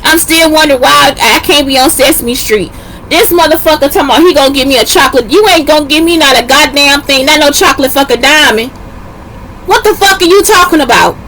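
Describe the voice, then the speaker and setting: A woman in a heated, profane rant aimed at her viewers, swearing constantly, at times shouting and close to tears. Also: high-pitched, a little fast, slight background noise.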